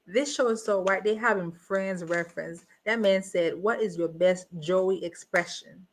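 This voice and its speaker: A woman's voice: mid-range voice, measured pace, a little hiss or hum. A woman hosting a live reality show review, talking bluntly and asking the same rhetorical questions again and again. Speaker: reaction host. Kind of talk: casual live review commentary.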